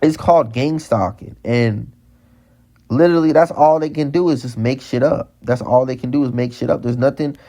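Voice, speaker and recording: This male vlogger's heated, ranting monologue keeps circling back to the same lines and breaks into stammered restarts. He speaks at a moderate pace in a mellow, mid-range voice.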